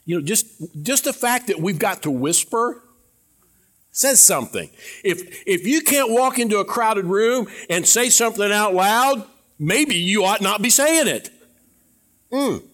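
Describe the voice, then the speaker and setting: A man's voice: lively intonation, unhurried. Earnest male pastor preaching. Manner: earnest preaching, drops to quiet low tones for emphasis; conversational, repeats words, asks the congregation questions. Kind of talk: sermon. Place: church with a congregation.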